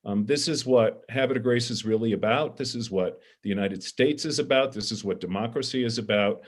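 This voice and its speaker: A middle-aged man moderates a candidate forum over a video call. His voice sits at an ordinary middle pitch, and he speaks earnestly and from the heart, filling pauses with ums.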